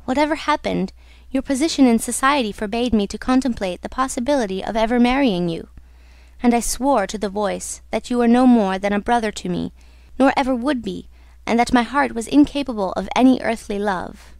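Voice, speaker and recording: A woman's voice: fairly high pitch, a little fast, gravelly, darkish tone, no room sound. A woman reading the part of a young woman singer, telling her love her story in an intimate, earnest way. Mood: wistful.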